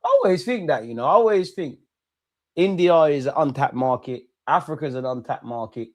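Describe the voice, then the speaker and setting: A young man, chatting with viewers and shouting them out during a live football watch-along. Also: a little high, animated, brisk, dry recording, studio quality. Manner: chatty slang-heavy banter, shouting out viewers. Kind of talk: live reaction chat.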